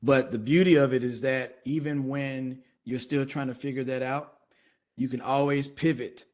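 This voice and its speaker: A man hosting an online talk show interview, speaking in a measured way and repeating words for emphasis. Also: mid-range voice, fairly even intonation, darkish tone.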